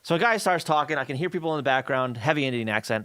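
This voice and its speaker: A man on stream tells a story in casual chat, animated and profane, imitating the voices of the people involved. His delivery is medium-pitched, quick and smooth.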